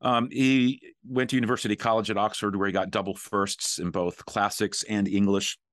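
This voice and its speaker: Middle-aged male podcast host, very low pitch, loose chatty delivery, dry close sound. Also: moderate pace, no room sound. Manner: relaxed, with frequent fillers and restarts. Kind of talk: conversational podcast talk.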